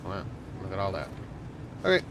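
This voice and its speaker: A man's voice: sits low, big pitch swings, normal speed. Jokey gamer man, noisy recording. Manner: jokey, reads game text aloud, bursts into shouting. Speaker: gamer playing a border-inspector game. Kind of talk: casual let's-play commentary.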